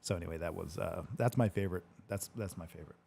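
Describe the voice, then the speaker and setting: A man's voice: low-pitched, fast talker, gravelly, warm tone, slightly rough. A man telling a loose story as host of a casual chat. He rambles, laughs often and swears without a second thought. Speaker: host answering live questions.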